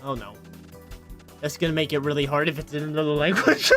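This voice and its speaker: A man's voice: on the high side, big pitch swings, normal speed, a bit bright, soft background music. Chatty, self-mocking male streamer. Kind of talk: casual livestream chat. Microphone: desk microphone.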